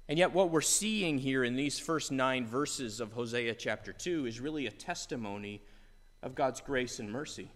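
A man's voice: mid-range voice, normal speed, a bit bright. A man preaching an expository sermon with passion, building to exasperated outbursts. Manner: impassioned, rising to exasperated outbursts. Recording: long hall reverb.

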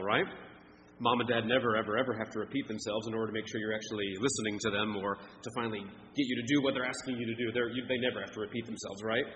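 A man's voice: on the low side, sharp tone, a little hiss or hum. Pastor, man in his thirties, earnest conversational sermon voice, long reverb, faint room ambience. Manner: earnest, conversational preaching with playful asides. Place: church sanctuary.

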